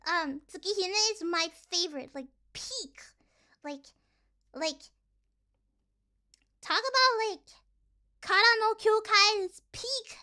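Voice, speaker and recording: A young woman streaming casually, rambling with lots of fillers and sometimes dropping into sighs and soft whispers. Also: extremely high pitch, slow pace, long pauses. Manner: rambling, filler-heavy, animated ranting; drops to sighs and soft whispers between points. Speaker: vtuber streamer.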